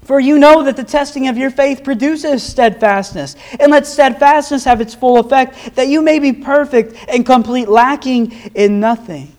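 Young male preacher, very high voice, earnest sermon delivery, pushes harder on scripture readings. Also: normal speed, hardly any pauses, darkish tone. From Nebraska, USA. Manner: earnest, rises in emphasis when quoting scripture.

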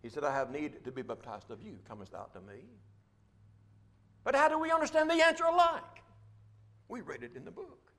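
A man's voice: fairly high pitch, big pitch swings, fairly quick, long pauses, fairly bright tone. A man preaching a sermon, reading scripture and asking rhetorical questions with a repeated refrain.

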